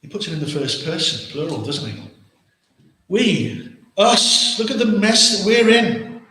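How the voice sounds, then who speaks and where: A man's voice: high voice, sing-song, a little slow, sharp tone. A man with an English accent preaching a sermon as pastor, earnest, with many rhetorical questions and repeated words. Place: church hall. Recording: very echoey church hall.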